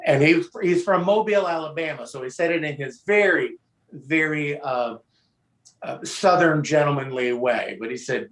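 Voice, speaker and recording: A middle-aged man telling a casual personal tribute story on a video call, halting with fillers and restarts. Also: a little high, a bit bright, echoey room. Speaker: guest sharing a memorial tribute.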